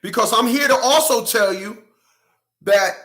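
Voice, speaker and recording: A man hosting his own channel, ranting to viewers in loud, slangy, profane commentary and laughing often. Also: very high-pitched, unhurried, echoey room. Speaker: channel host.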